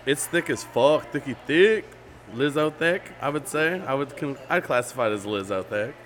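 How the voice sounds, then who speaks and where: Podcast host, male, loose and profane, lively pitch, faint room noise. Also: moderate pace. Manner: laughing often, swearing, animated storytelling. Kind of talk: casual chat.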